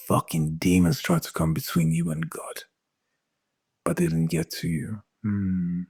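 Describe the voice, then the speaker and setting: A man giving an impassioned spiritual pep talk, intense and profane, repeating phrases, stumbling over restarts and dropping at times into hushed whispers. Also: extremely low pitch, breathy edge, dry recording, studio quality. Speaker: spiritual speaker.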